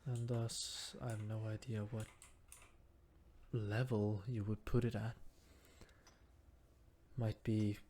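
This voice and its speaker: A man's voice: fairly low pitch, little pitch movement, slow pace, pauses often, mellow. A man whose first language is Norwegian, murmuring his thoughts aloud and musing in a self-deprecating way while he plays a game. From Norway. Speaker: gamer. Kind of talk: casual gameplay commentary.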